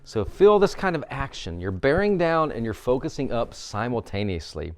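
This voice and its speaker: A man's voice: medium pitch, sing-song, normal speed, a little mellow, faint music behind. Upbeat male vocal coach leading exercises. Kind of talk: instructional vocal warmup.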